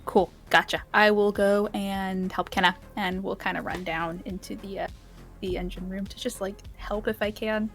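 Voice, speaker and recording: A woman's voice: mid-range voice, steady tone, moderate pace, soft background music. A woman playing a tabletop game, supportive and rambling, with lots of fillers. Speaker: player. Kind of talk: tabletop game role-play.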